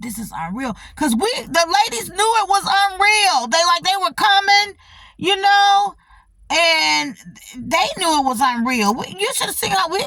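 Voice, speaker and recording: A woman's voice: high-pitched, gravelly, no echo, studio quality. A middle-aged woman hosting her own channel, telling a personal story in casual, blunt, profane talk, often checking in with her audience. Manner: animated, talks back to the audience, repeats herself. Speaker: channel host.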